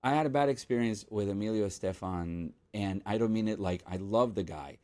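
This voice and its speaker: A man who is a guest composer on a podcast, telling a story in casual chat and acting out the people he quotes. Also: fairly quick. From Miami, United States. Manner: animated, acts out quotes with sudden jumps in pitch.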